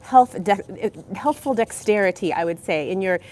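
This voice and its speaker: A woman's voice: mid-range voice, expressive, normal speed, a little mellow, a little hiss or hum. A woman hosting a casual health livestream from Los Angeles, bubbly, greeting chat viewers with pet names and kisses, speaking into a headset. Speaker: livestream host.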